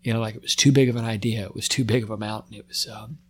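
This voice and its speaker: Raw, emotional middle-aged firefighter. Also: male voice, lowish voice, fairly even intonation, rapid-fire, slightly rough. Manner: raw and emotional, voice climbing when worked up, then trailing off quietly; repeats words and restarts mid-sentence. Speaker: firefighter, podcast guest. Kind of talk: personal storytelling in a podcast interview.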